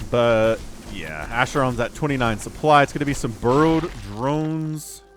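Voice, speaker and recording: Guy casting a game match, super animated swingy voice, jokes around and reads chat. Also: medium pitch. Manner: excitable, jokey, reads chat aloud. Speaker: game caster. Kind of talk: lively esports commentary.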